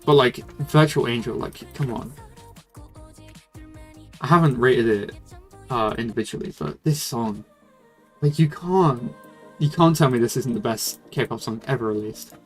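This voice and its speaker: A man's voice: mid-range voice, measured pace, long pauses. A young man streaming casual commentary, rambling loosely with fillers and the odd swear. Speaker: streamer reviewing music. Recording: faint music in background. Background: faint music.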